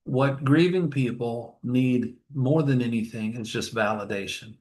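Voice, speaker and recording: The man is a grief counselor giving an interview at a funeral home, and his medium-pitched voice is unhurried and a little mellow. His storytelling is heartfelt and emotional, and he acts out the quotes as he recounts scenes.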